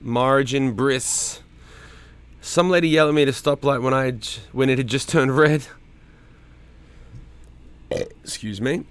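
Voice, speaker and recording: With a clean, mid-range voice at normal speed, a middle-aged streamer runs a loose live chat from home, reading comments, addressing viewers by name, and swearing freely.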